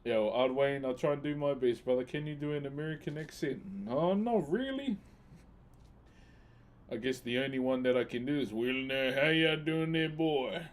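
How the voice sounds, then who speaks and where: A man's voice: mid-range voice, animated, moderate pace, a little mellow. A man chatting casually on a live stream, thanking viewers by name and using Maori words. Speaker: live streamer and wood carver.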